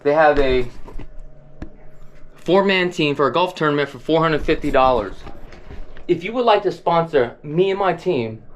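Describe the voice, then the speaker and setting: A man's voice: a little high, lively intonation, normal speed, long pauses, highs cut off. A man, a real estate agent vlogging in a loose, rambling, motivational way. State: out of breath while walking. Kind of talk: casual vlog talk to camera.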